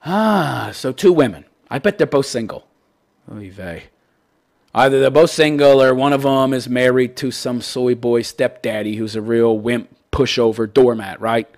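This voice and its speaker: A man with a medium-pitched, slightly mellow voice speaks at a measured pace. He hosts a call-in commentary show and rants about a listener's letter, profane and sarcastic, repeating "wait, wait."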